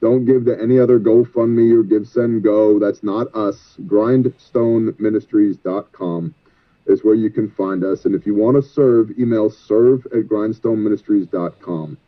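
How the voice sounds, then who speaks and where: A man's voice: fairly low pitch, fairly even intonation, normal speed. A man who leads a disaster relief ministry, telling stories earnestly and with a preaching tone as an interview guest. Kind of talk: guest interview over the phone. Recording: tinny phone line.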